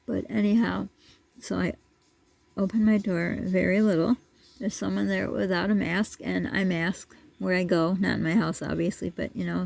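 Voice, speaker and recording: Very gravelly woman rambling through a story. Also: on the low side, a little mellow. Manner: rambling, digressive, with many asides. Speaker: vlogger. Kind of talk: casual storytelling vlog.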